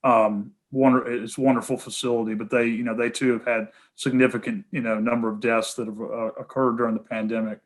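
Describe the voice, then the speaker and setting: A man with a Tennessee Southern accent, a guest speaker taking questions over a video call in an earnest, halting way. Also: medium pitch, level tone. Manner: many fillers and restarts, earnest. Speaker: guest speaker, healthcare association head.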